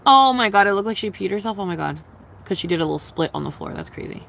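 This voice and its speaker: A young woman livestreaming and answering her chat, swearing freely and laughing a lot. Her voice swoops up and down all the time and has a bright, tense edge. She stays loose and chatty throughout. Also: medium pitch, lively intonation, quick pace, creaky, low-quality recording. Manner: profane, giggly, blunt and chatty.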